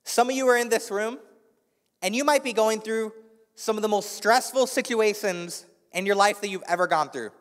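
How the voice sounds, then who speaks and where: Male pastor, slightly higher voice, slight lisp, earnest sermon delivery in a big reverberant church hall. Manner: earnest, restarting phrases, dropping soft for guided imagery. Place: church sanctuary with a live congregation. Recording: long reverb of a large hall.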